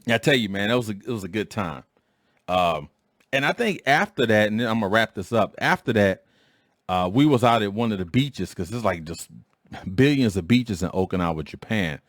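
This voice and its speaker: A man in his forties hosting a podcast, telling a story in a casual, slangy way and acting out quoted lines in a higher voice. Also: animated, brisk, no room sound, clean studio sound. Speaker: podcast host. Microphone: studio microphone.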